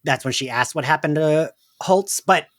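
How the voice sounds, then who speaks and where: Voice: medium pitch, normal speed, dry recording, clean studio sound. A podcast co-host in casual chat, rambling with lots of fillers and acting out quotes.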